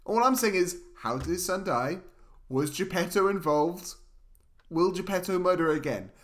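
Male podcast co-host, high voice, deadpan comic ranter. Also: normal speed. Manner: deadpan mock-serious ranting. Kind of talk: comedic film review chat.

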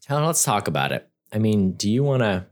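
A man co-hosting a podcast with easygoing, playful banter. His voice sits on the lower side and moves at an ordinary pace. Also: big pitch swings, brisk. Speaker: podcast co-host. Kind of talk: casual movie podcast chat.

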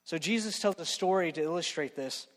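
A man's voice: fairly high pitch, fairly quick, in a large hall. A man preaching a sermon in a conversational storytelling way, often checking in with "right?". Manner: conversational, keeps asking "right?".

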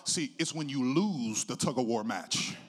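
This middle-aged pastor's sermon features his personal story, delivered in a sing-song style that starts hushed and grows loud. He has a mid-range voice with lively intonation and speaks a little slowly.

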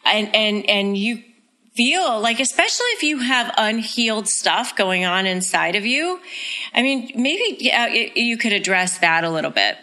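A woman's voice: on the high side, expressive, a little slow, pushed and bright. A woman hosting a casual interview, agreeable and reflective, thinking aloud with her guest. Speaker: host.

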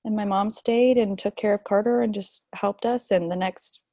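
A woman in her thirties telling the story of giving birth in a casual chat, animated and emotional, laughing often and near tears. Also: moderate pace, no echo. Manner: animated, laughs often, acts out quotes in a high voice.

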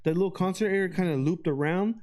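A man telling a story to friends in a casual, animated, profane way, laughing as he goes. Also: sits high, fast talker. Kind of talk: casual chat.

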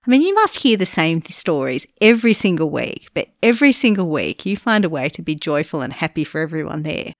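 Woman interviewer, lowish voice, upbeat and complimentary, dry close sound. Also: very animated, brisk, hardly any pauses, no echo. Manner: enthusiastic, complimentary. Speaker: interviewer, host. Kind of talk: warm conversational interview.

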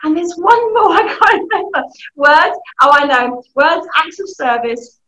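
A woman with a British accent, giving lively, animated advice as a guest in a conversation, often laughing. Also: extremely high pitch, measured pace. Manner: animated, laughing, acting out family voices. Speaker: youth work guest. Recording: muffled lo-fi audio.

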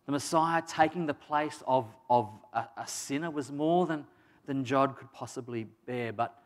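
A man's voice: medium pitch, normal speed. Male preacher, conversational sermon delivery, emphatic, mid-range voice. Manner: conversational, emphatic, with frequent restarts and asides.

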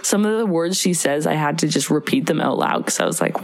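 A young woman co-hosting a casual movie podcast, animated and quick to slip into exaggerated quoted voices. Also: deep voice. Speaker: podcast co-host.

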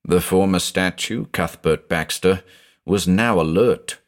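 A man narrating a scripted audio mystery drama in a dramatic, expressive storytelling manner. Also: deep voice, takes it slowly.

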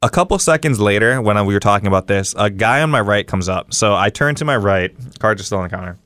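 A young man from Hawaii telling a story casually as a podcast guest, animated and full of fillers and quoted dialogue. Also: lowish voice, no echo. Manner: fast, animated, lots of fillers and acted-out quotes. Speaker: guest streamer.

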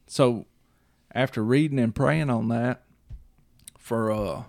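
A man with a medium-pitched, darkish voice and vocal fry speaks slowly, recorded at studio quality with no room sound. Hosting a casual chat, he rambles, repeats points, and asks "you see what I'm saying."

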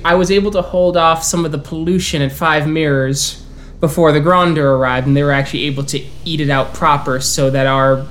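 A man narrating as storyteller of a tabletop role-playing game, voicing its characters in turn with halting restarts. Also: a little high, fairly bright tone. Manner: plays many characters in quick turns, with halting restarts.

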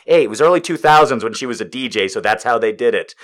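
A man in his thirties giving a casual comedic monologue, swearing freely and swinging between loud outbursts and muttered asides. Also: medium pitch, lively intonation, quick pace.

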